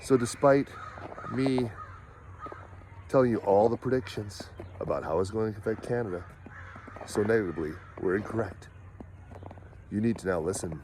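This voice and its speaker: A man impersonating a pompous, droning middle-aged male politician who makes slow, solemn, self-important pronouncements while he walks outdoors. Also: deep voice, a little mellow, a little hiss or hum, natural voice. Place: outdoors in woods, walking.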